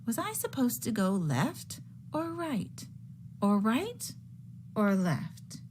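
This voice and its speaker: A woman voicing an eager, absent-minded little bunny boy in a storybook read-aloud, with a high questioning voice. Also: huge pitch swings, takes it slowly, darkish tone, slight background noise, exaggerated voice. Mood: pondering.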